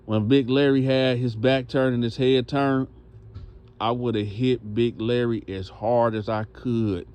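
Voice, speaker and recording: Guy telling a prison story, animated, casual, acts out voices. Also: mid-range voice, measured pace, clean tone.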